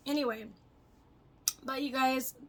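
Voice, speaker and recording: A young woman chatting casually to her camera, rambling and swearing, her voice swinging between loud and soft as she jumps between topics. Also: high voice, fairly even intonation, unhurried, a little hiss or hum, rough recording. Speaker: vlogger.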